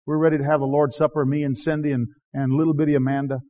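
A high-pitched man preaches a sermon, swinging between shouting and hushed tones and chuckling as he goes. His voice comes through a dull, lo-fi recording with muffled highs. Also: level tone, fast. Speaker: missionary preacher.

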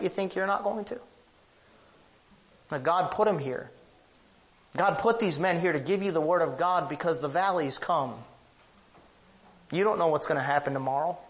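A man preaching a sermon as pastor, emphatic and confessional, telling personal stories with big swings in his voice. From northern United States. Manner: emphatic, with sweeping pitch rises; confessional, anecdotal storytelling.

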